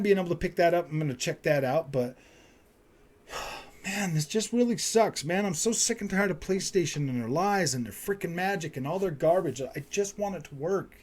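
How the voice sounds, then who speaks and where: Man, gaming vlogger, slightly high voice, frustrated casual rant, repetitive, filler words. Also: a little mellow. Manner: exasperated, repeats himself, says man and dude a lot. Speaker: gaming and tech YouTuber.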